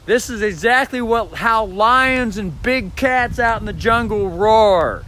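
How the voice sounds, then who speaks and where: A man talks into his camera at home in a slow, drawn-out ramble. He circles back over the same points and curses casually, and his voice sits high and bright. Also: animated, slight background noise. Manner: profane, repetitive, demonstrates voice sounds. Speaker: vlogger. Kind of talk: rambling vlog monologue about voice technique. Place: indoors at home. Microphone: phone or camera mic.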